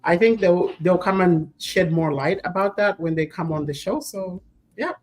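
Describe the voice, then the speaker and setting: A woman's voice: fairly low pitch, normal speed, soft background music. A woman from Zambia, co-hosting a talk show in casual chat, telling stories and laughing often. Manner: laughing often, relaxed storytelling.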